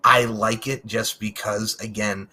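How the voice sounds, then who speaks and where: A man's voice: fairly low pitch, pushed and bright, husky. A man hosting a casual podcast interview, chatty and loose, laughing often and swearing casually. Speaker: podcast host.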